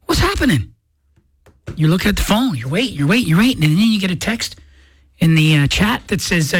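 Commentator, lively up-and-down delivery, storytelling, dry close mic. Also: mid-range voice, no room sound. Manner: animated storytelling, acts out impatient inner voices. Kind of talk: casual monologue reacting to a viral video.

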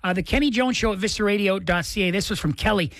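A man's voice: high-pitched, fast talker, fairly bright tone, dry recording. A man hosting a casual radio show, chatty and rambling with lots of fillers. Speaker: radio host. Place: radio studio.

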